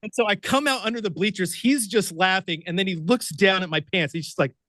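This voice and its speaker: Quick and high-pitched, an Oregon man who produces and hosts radio tells a story as a guest, with no echo around him. He laughs often, gets excitable, and performs the voices in his tale, making it lively, animated storytelling.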